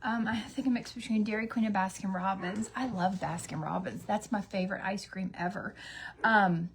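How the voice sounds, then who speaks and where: A beauty vlogger in her thirties chats casually at home while getting ready, her mid-range voice creaky and fairly even in intonation at a moderate pace. It's a get-ready-with-me ramble full of fillers, with bits of dialogue acted out. Slight background noise is audible.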